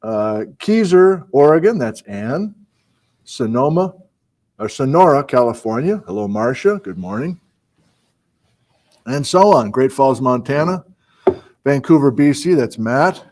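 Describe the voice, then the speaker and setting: A man's voice: mid-range voice, expressive, a little slow, long pauses, darkish tone. A man hosting a live-streamed program, chatting casually, greeting viewers and reading out their hometowns, with frequent fillers and asides. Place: small indoor room on a college campus.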